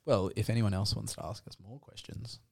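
Aussie guy co-hosting a podcast, really deep and gravelly, laughs a lot. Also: steady tone, a little fast, darkish tone. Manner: laughs often, rambling storyteller. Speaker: podcast co-host. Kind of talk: casual chat.

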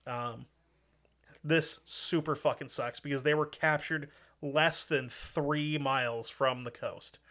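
A man's voice: fairly high pitch, fairly even intonation, slow, bright, forceful tone. A man from the United States telling a history story in a casual, profane, joking way with lots of fillers. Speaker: podcast host.

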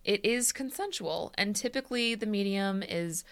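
A young woman co-hosting a casual podcast, explaining a topic from notes in a dry, deadpan way. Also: medium pitch, normal speed. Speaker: podcast co-host.

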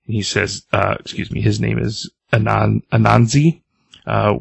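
The co-host's voice is lowish, creaky, and edged with breath, moving at a normal speed. Casually chatting on a comics podcast, he gives an animated retelling of a comic's plot and loosely reads the characters' lines, with no room sound.

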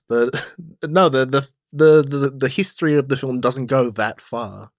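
A man's voice: medium pitch, measured pace, few pauses, dry recording, studio quality. A man co-hosting a podcast, casually discussing a film in a thoughtful, slightly hesitant way. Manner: thoughtful, hesitant, repeats words as he starts. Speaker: podcast co-host. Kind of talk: casual film review chat.

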